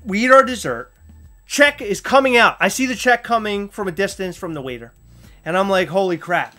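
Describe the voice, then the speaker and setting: Bright-toned man, podcast host, casual and animated storyteller. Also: sits high, a little fast, soft background music. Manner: animated, loud outbursts while retelling a story.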